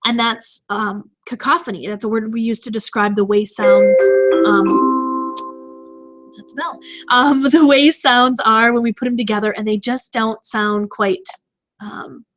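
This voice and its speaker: A woman teacher giving a recorded vocabulary lesson, explaining terms with frequent pauses and restarts. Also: on the high side, steady tone, fairly bright tone, faint music behind. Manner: explanatory, with many fillers and restarts.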